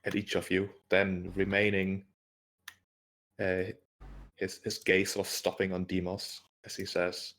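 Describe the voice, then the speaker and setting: A man's voice: low-pitched, completely flat delivery, a little slow, a bit bright. A man narrating as game master in a tabletop game, describing scenes hesitantly with frequent fillers and restarts.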